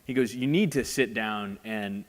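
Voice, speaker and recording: A man's voice: on the low side, measured pace. A man talking casually as a guest, retelling advice he got about handling nerves. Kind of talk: casual conversation. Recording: long hall reverb.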